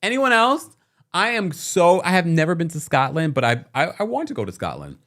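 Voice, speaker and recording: A man's voice: on the high side, huge pitch swings, fairly quick, a bit bright. A man hosting a reality TV recap podcast, chatting casually and talking straight to his viewers.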